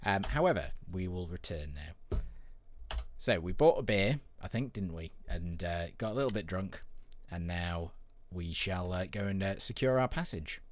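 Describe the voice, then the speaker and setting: A man's voice: low-pitched, animated, normal speed, hardly any pauses, slight background noise. A man co-hosting a podcast, chatting casually and reading game text aloud, with a dry, wordy, self-mocking manner. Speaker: podcast co-host. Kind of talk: casual chat over a game playthrough.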